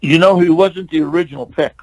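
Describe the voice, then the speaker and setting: An older man, a stuntman and actor, tells long, rambling stories in a casual interview, full of restarts and quoted dialogue. His voice is on the high side with a darkish tone, and he talks fairly quickly. The recording is rough.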